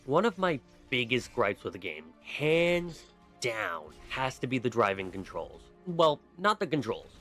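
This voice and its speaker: A man's voice: medium pitch, big pitch swings, measured pace, fairly bright tone, soft background music. A man rambling through gripes in a game review, exasperated and complaining. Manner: exasperated, griping. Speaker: gaming video commentator.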